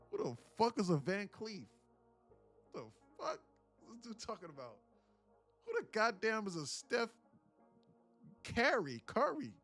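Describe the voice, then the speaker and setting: A man's voice: high-pitched, fairly bright tone, voice pushed up, heavily acted. A man voicing a broke, impatient young male viewer who swears and whines, demanding that the trades start. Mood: mocking. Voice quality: profane, whiny and mocking.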